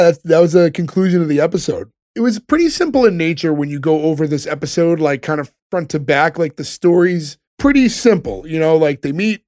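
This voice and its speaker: A man hosts a casual podcast in a darkish voice on the high side, recorded dry at studio quality. He talks loosely and rambles with lots of fillers.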